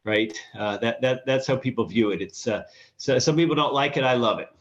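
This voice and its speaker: A man's voice: medium pitch, fairly quick, muffled recording. A man from the US South, a guest in an interview, explaining earnestly and restarting as he thinks. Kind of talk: conversational interview.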